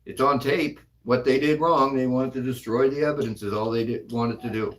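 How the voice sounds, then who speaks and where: A man's voice: medium pitch, steady tone, a little fast, fairly bright tone. Indignant man in casual talk. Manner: indignant, repeats himself. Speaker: co-host. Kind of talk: casual chat.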